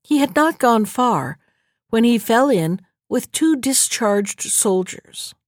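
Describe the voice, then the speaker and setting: A woman narrating a fairy tale audiobook in a steady, measured storytelling manner. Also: on the high side, no echo, clean studio sound.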